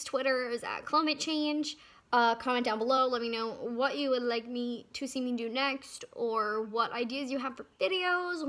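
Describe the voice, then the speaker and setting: A young woman in her twenties vlogs from inside a car in a high, chatty voice. She rambles and gets heated, filling her sentences with "like". Loud engine and road noise sits under the whole recording. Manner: rambling, many "like" fillers, heated. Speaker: vlogger. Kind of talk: casual chat while driving. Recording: noisy car interior.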